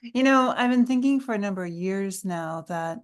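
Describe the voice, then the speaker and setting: A woman's voice: mid-range voice, animated, moderate pace. A woman podcast host speaking reflectively and searching for her words. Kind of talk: reflective conversation.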